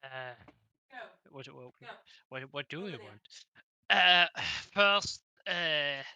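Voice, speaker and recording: A tabletop player speaking haltingly, stumbling over words. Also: mid-range voice, animated, pushed and bright, clean tone, dry recording, lo-fi sound.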